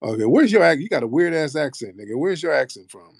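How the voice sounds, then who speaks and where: A man's voice: fairly high pitch, big pitch swings, fast, creaky, slightly rough, no room sound. American man, host, brash, profane, bantering, dry sound. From United States. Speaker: host of a live audio space. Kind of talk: casual live chat.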